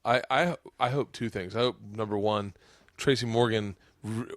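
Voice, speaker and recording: Animated male podcast host, dry studio sound. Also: on the low side, moderate pace, dry recording. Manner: animated storyteller, swears, does voices and band sounds. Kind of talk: casual chat.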